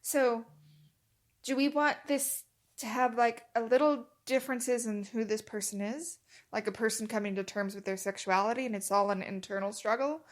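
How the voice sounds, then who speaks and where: A woman's voice: a little high, steady tone, normal speed. A woman co-hosting a podcast in casual chat, organized and steering the talk with questions. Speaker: podcast co-host.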